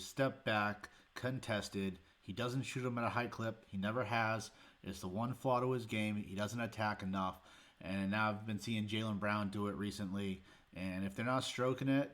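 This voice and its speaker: A man hosting a sports show, breaking down a game in a heated, exasperated rant with sarcastic jabs. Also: on the low side. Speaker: sports podcast host.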